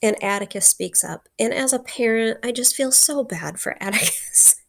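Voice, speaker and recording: A woman's voice: on the high side, moderate pace, gravelly. Chatty woman teacher retelling a story. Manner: chatty, full of fillers, acts out dialogue. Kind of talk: retelling and explaining a novel chapter.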